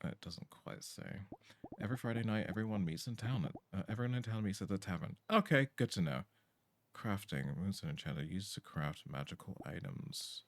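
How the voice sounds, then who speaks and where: A man's voice: sits low, animated, moderate pace. A man streaming a game from home, chatting casually, swearing and reading on-screen text aloud into a desk mic. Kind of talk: live game-stream commentary.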